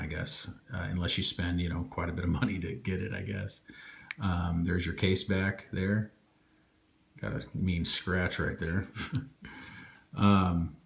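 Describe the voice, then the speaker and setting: A man with a low voice walks through a watch comparison in a relaxed, rambling way. He keeps checking in with a quick "okay?" and fills his pauses with ums. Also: creaky. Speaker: watch reviewer. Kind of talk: casual product review.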